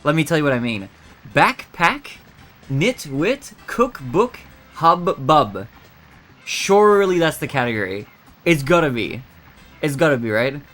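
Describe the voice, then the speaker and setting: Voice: medium pitch, very animated, measured pace, fairly bright tone, soft background music. A streamer thinking aloud while solving word puzzles, muttering guesses and laughing often.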